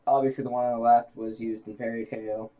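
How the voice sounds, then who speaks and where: A man's voice: mid-range voice, little pitch movement, brisk, warm tone. Dry, exasperated male co-host. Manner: dry, exasperated, corrects the other. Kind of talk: casual chat.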